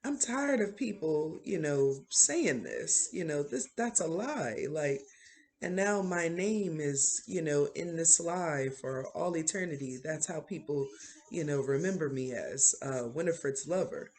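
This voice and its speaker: A man's voice: a little high, expressive, a little slow, a little mellow. A man voicing an aggrieved undead man complaining about lies told of him, in a casual retelling. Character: undead man, wronged and weary.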